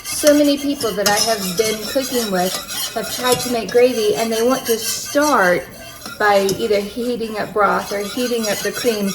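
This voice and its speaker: A woman's voice: on the high side, normal speed, heavy background noise. A middle-aged woman chatting through a cooking demonstration in her home kitchen, explaining each step as she goes. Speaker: home cook demonstrating a recipe. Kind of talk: casual cooking tutorial.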